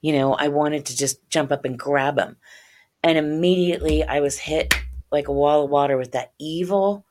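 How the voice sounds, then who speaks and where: A woman's voice: sits low, moderate pace. A woman author telling a very personal story in a podcast interview, earnest and openly religious, tearing up at times. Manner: earnest, religious, tearful at times, acts out voices in her story. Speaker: author and guest.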